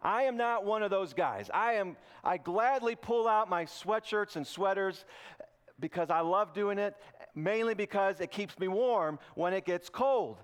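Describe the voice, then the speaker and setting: A pastor preaching in a joking, easy way. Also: male voice, high-pitched, lively intonation, unhurried, clear, resonant tone. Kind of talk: sermon. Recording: podcast intro over loud guitar music.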